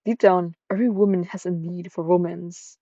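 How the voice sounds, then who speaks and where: A woman doing a courtly, romantic gentleman suitor. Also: lowish voice, steady tone, normal speed, no echo, highs cut off. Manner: courteous, flowery.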